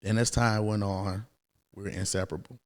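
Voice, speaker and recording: A man in his thirties, a podcast guest, telling a personal story in a casual, animated way. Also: lowish voice, a little fast. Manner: animated, acts out quoted voices, many fillers.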